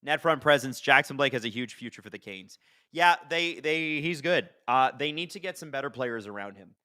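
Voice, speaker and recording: Guy streaming a hockey game, bright voice, excitable and chatty, swears a bit. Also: mid-range voice, moderate pace, clean tone, no room sound, studio quality. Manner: chatty, excitable, swears casually, talks to chat. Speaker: host watching a hockey game live. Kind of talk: casual live-stream commentary.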